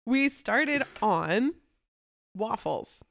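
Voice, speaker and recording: A woman's voice: fairly high pitch, lively intonation, drawn-out words, gravelly, fairly bright tone. Bubbly woman hosting a chatty podcast. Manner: bubbly, laughs often. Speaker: podcast host. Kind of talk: casual podcast chat. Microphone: remote call mic.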